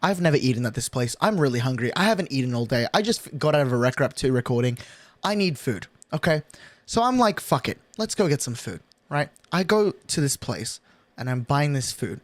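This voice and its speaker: A young man streamer telling a story in casual chat, animated and swearing a lot, from his bedroom at night. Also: mid-range voice, brisk, no echo. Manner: animated, swearing, excitable rant.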